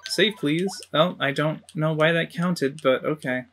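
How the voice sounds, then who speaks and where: Laid-back game streamer, quiet asides. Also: mid-range voice, unhurried, faint music behind. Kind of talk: casual let's-play commentary.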